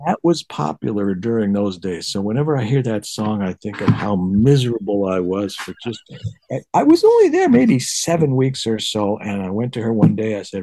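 A middle-aged man from Detroit, a bassist guest in a casual interview, telling stories and acting out past dialogue. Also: normal speed. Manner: animated, acts out past dialogue in higher voice.

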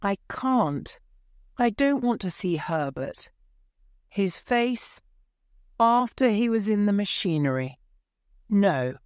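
A woman's voice: mid-range voice, lively intonation, takes it slowly, long pauses, smooth, dry recording, voice pushed up. Storybook old man, tired and frightened, pleading in anguish, voiced by a woman narrator; dry and close.

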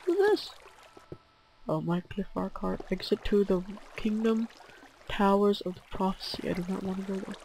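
A man's voice: high-pitched, fairly even intonation, normal speed, vocal fry, a little mellow, slight background noise, poor audio. A teenage boy with bronchitis, commenting casually as he plays a game, mumbling as he reads signs aloud and yelping now and then. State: has bronchitis. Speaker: gaming channel host.

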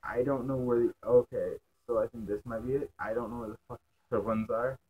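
A man's voice: medium pitch, fairly even intonation, fast talker, dark tone, low-quality recording. A young man casually commenting while playing a video game, cursing freely, mocking himself and snapping at enemies in frustration. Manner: profane, self-mocking, easily frustrated. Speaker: let's play gamer.

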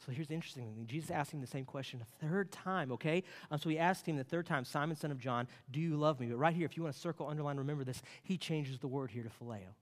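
A male pastor delivering a sermon in a conversational way, full of fillers, swinging between loud excited stretches and soft, hushed asides. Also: fairly high pitch, fast talker, hardly any pauses, long reverb tail. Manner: conversational, with many fillers like "like" and "okay".

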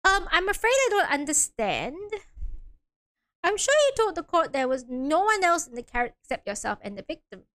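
A woman's voice: very high voice, sing-song, moderate pace, a bit bright, exaggerated voice. A woman voicing an earnest, polite young male defense lawyer in clipped, formal courtroom questioning. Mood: puzzled.

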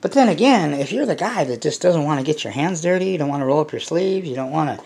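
A man's voice: fairly high pitch, lively intonation, fast, creaky, darkish tone, slightly rough. A man hosting a casual unboxing vlog, rambling and blunt, swearing freely as he talks to his viewers. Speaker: hobby channel host.

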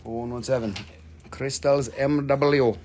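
A man's voice: mid-range voice, fairly even intonation, a little slow, a little mellow, a little hiss or hum. A man hosting a live crystal sale, chatting casually, joking around and swearing freely. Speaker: host selling crystals on a live stream. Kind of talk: casual live-stream sales chat.

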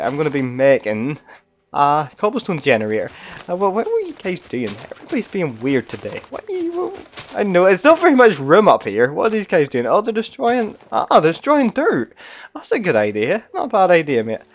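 A man hosting a casual game commentary, slightly hoarse from being sick, rambling and chatty as he talks to viewers and fellow players. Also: on the high side, wildly swooping pitch, a little fast. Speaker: gaming video host.

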